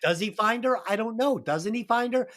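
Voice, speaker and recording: Woman co-host, casual movie-review banter, heavy swearing, emphatic and animated delivery. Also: fairly high pitch, moderate pace. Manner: profane, animated, emphatic storytelling. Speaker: podcast co-host.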